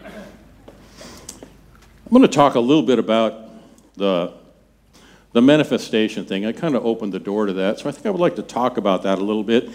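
A man in his seventies, a pastor preaching a sermon in a church, talking in a conversational, halting way with many restarts. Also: on the low side, big pitch swings, darkish tone. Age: 70s. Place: church sanctuary.

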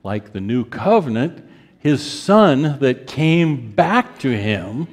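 Slow but very animated, a man in his fifties preaches a sermon full of feeling, pitch climbing when moved and voice softening as he plays out prayers of repentance. The recording has a long reverb from the hall.

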